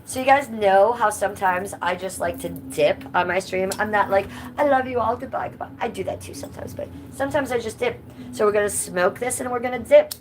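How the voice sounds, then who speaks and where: This livestream host talks fairly quickly in a medium-pitched voice, casually going through comments with blunt, profane remarks. The audio is poor, with slight background noise.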